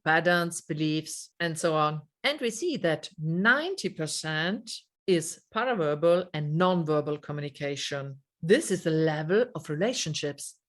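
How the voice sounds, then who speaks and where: A woman, a trainer delivering a scripted online lesson, listing terms one by one in a clear, instructive way. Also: fairly low pitch. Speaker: soft skills trainer.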